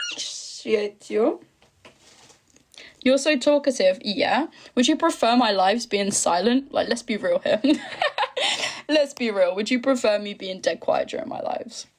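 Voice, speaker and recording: A chatty, giggly English woman in her twenties from the east of England, hosting a casual live stream and answering viewer comments. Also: on the high side. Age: 20s. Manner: chatty and giggly, quick asides. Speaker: livestream host.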